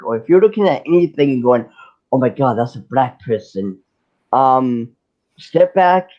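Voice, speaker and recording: A man hosting a casual livestream, ranting with heat and sarcasm and stumbling over restarts as he pushes his point. His voice sits a little higher than most men's. The stream audio is dull and muffled. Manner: heated, sarcastic, with many restarts. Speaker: livestream host.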